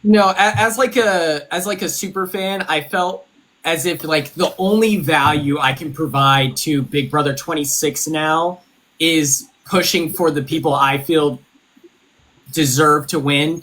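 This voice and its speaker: Bright, high-voiced animated young man. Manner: animated, emphatic, swears casually. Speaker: former reality show contestant and superfan. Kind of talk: casual live-stream chat.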